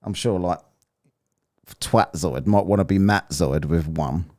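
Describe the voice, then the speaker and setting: A man's voice: sits low, measured pace, darkish tone. A British man hosting a live stream, joking bluntly and swearing casually as he reads viewer messages. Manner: jokey, blunt and sweary, with exaggerated mock voices. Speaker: live stream host reading super chats.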